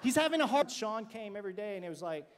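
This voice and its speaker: A man giving an energetic keynote speech to students, an animated joking storyteller who swings from shouting to quiet asides. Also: high-pitched, fast, a little hiss or hum. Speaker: motivational speaker. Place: large conference hall. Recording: long hall reverb.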